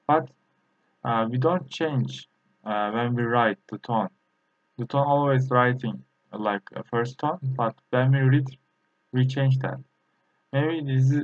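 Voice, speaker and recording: A man with a Turkish accent, a native Turkish speaker, teaching a lesson in a halting way, pausing often and repeating practice syllables. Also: mid-range voice. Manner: halting, with frequent filler pauses and repeated drill syllables. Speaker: language teacher. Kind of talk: explaining a lesson. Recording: tinny, phone-like lo-fi sound.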